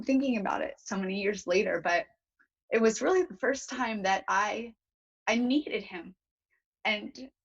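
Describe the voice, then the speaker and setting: A woman's voice: medium pitch, a bit bright, lo-fi sound. A young woman, a talk show guest, tells a personal story in an earnest, emotional way, often restarting her sentences. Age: young adult.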